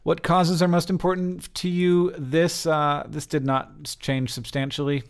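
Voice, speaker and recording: A man's voice: fairly high pitch, flat delivery, a little slow, clean tone. Rambling man reading survey charts. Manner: rambling with many fillers and restarts. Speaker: host. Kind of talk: casual walkthrough of survey results.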